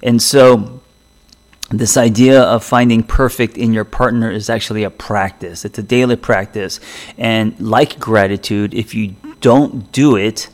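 A man's voice: on the low side, fairly even intonation, measured pace. A middle-aged man hosting a solo podcast as a therapist, talking in a loose, reflective way with many restarts. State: choking up from a drink.

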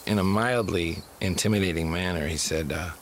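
A man's voice: low-pitched, fairly quick, a little hiss or hum. A man telling a comic story in a dry, wry, self-deprecating way.

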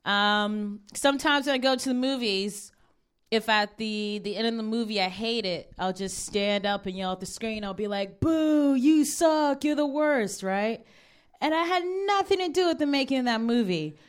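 A woman's voice: mid-range voice, clean tone. A woman in her thirties from Ohio, performing a stand-up comedy set on stage before a live audience, laid-back and wry with many fillers. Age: 30s.

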